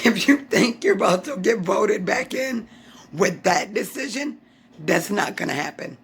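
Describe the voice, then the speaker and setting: A woman's voice: mid-range voice, expressive, a little slow, slight background noise. A woman from the United States giving an impassioned vlog update, upset and frustrated, hammering her points with repeated phrases. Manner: emphatic, repeats lines for punch. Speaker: YouTube vlogger.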